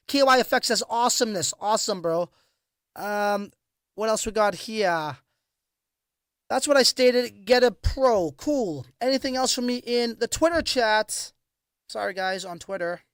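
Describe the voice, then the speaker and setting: A man hosting a livestream, telling stories in casual, profane, animated chat. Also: extremely high pitch, no echo, clean studio sound. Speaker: crypto livestream host.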